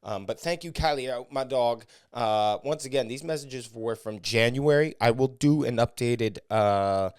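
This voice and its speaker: Guy comedian rambling on his podcast, kinda low smooth voice, crude jokes, dry close mic. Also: unhurried, hardly any pauses, a little mellow, no echo. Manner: rambling, crude, self-mocking. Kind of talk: casual podcast monologue. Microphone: studio podcast mic.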